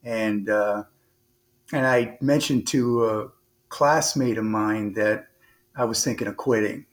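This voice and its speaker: A man's voice: lowish voice, takes it slowly. A man who is a former naval officer and podcast guest, telling a long story in an earnest, conversational way, full of restarts and fillers. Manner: rambling, frequent restarts and fillers; earnest, animated retelling with quoted dialogue.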